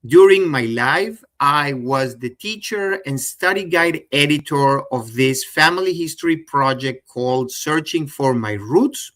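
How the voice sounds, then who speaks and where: A middle-aged man with a Venezuelan Spanish accent talks to his webinar viewers at an unhurried pace. His voice sits a bit high for a man. He is eager and conversational throughout. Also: animated, a bit bright. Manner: enthusiastic, chatty, addresses viewers directly. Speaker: genealogy presenter. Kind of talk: live webinar presentation.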